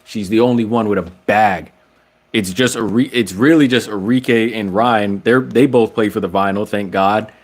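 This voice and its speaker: A man's voice: lowish voice, moderate pace. A man giving his casual opinions on basketball in a vlog, slangy and full of restarts, his voice climbing when he gets worked up. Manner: slangy, frequent restarts, rising when excited. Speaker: basketball commentator vlogger.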